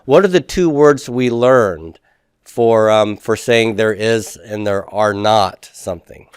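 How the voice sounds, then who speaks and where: A man's voice: fairly low pitch, slow, clear, resonant tone, no room sound, clean studio sound. A man teaching a Hebrew grammar class, patiently asking students questions and confirming their answers.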